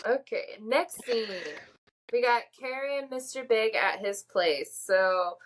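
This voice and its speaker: A woman's voice: fairly high pitch, slow pace, rough recording. Chatty woman recapping on a podcast. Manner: chatty, recaps with many fillers. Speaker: podcast co-host. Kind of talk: casual podcast chat.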